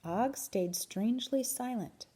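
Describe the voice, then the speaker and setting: A woman reading a children's book aloud in an expressive, animated way. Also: on the high side, slow pace, slightly rough. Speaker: reader. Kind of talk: storybook read-aloud.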